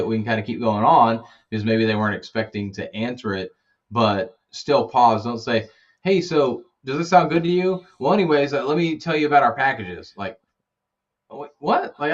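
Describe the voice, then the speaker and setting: A man who is a guest expert on communication, calmly explaining advice and acting out example phone lines. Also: medium pitch, muffled recording. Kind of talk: casual advice in a podcast interview.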